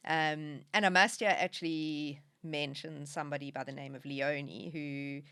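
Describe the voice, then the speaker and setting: Woman on a podcast, low voice, dry close sound, talks openly. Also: steady tone, normal speed, fairly bright tone, clear, resonant tone, no room sound. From South Africa. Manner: candid, emotional at times, laughs through tears. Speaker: podcast guest. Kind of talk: conversational interview.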